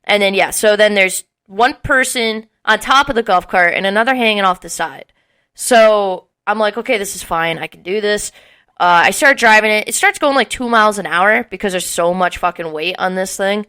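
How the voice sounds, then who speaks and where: A young woman in her twenties tells a rowdy story on a casual podcast. Her voice is bright and clear, and she acts out what people said with a lot of swearing. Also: medium pitch, normal speed. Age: early 20s. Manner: animated, swearing often, acting out quotes with laughs. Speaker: podcast co-host.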